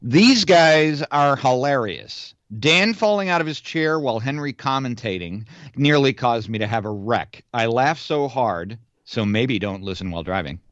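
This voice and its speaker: A man co-hosting a casual podcast chat, animated and playfully indignant. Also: medium pitch, moderate pace, few pauses, dry recording. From United States. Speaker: podcast co-host. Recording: dull lo-fi sound.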